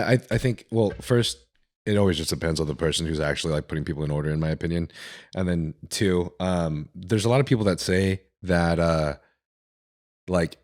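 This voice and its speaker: A man's voice: low voice, a little mellow. A man hosting a podcast, reacting with laughs and short replies, hesitant and full of fillers when he speaks up. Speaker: podcast host. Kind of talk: casual chat.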